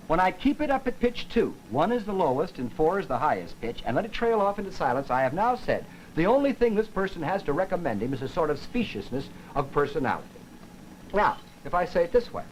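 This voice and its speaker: A man's voice: a little high, big pitch swings, quick pace, slight background noise, rough recording. A man giving a televised lecture on language, demonstrating intonation with his own rising and falling voice.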